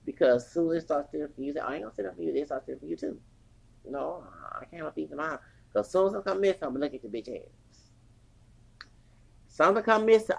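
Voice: medium pitch, creaky, husky. A person in their forties telling a long story in a casual, rambling rant, swearing heavily and growing heated. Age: 40s. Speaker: podcast host.

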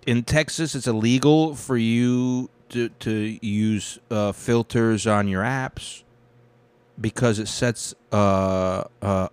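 A man's voice: fairly low pitch, darkish tone, no room sound. A young man hosting a casual news commentary, rambling and swearing freely. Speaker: show host.

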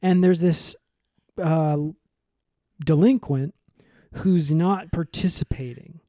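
A man co-hosting a comedy podcast, recapping in a rambling, deadpan way with lots of fillers. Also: a little high, takes it slowly, no echo, studio quality.

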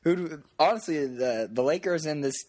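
A man's voice: a little high, animated, moderate pace, darkish tone. A man co-hosting a casual podcast chat, dry and joking as he moves the show along. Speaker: podcast co-host.

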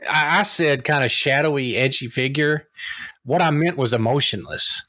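A man co-hosting a casual movie review podcast, enthusiastic and quick to laugh. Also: mid-range voice, pushed and bright, no room sound. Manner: enthusiastic, laughs often, says "dude". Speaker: podcast co-host.

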